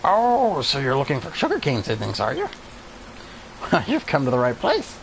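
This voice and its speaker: A man voicing a cheeky male rat gang leader with taunting, drawn-out squeaks. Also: huge pitch swings, creaky, a little hiss or hum, poor audio. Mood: cowed.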